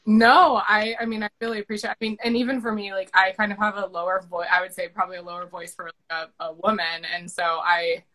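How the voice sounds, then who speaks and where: A woman's voice: medium pitch, flat delivery, quick pace, few pauses, sharp tone, low-quality recording. A woman with an ordinary mid-range voice chats casually as the interviewer. She gushes with praise, circling back with fillers and restarts. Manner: effusive and gushing, with many fillers and restarts. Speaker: author interviewing her narrator.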